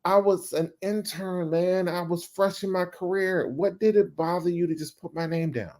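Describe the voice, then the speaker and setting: A middle-aged man, a podcast guest, telling his career story in a casual, animated way, swearing and acting out past scenes. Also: high voice, moderate pace. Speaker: podcast guest, ad creative director.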